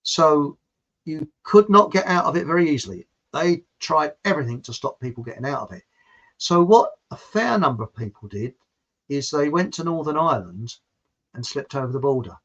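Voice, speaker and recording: A man's voice: mid-range voice, fairly bright tone. A man telling a long story in a casual, meandering way, with frequent restarts. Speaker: channel host telling a story. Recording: dull lo-fi home recording.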